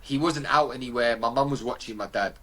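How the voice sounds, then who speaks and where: A man's voice: medium pitch, a little fast, fairly bright tone. A man with a British accent, a podcast guest telling a personal story in a vivid, slangy way and acting out the dialogue. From United Kingdom.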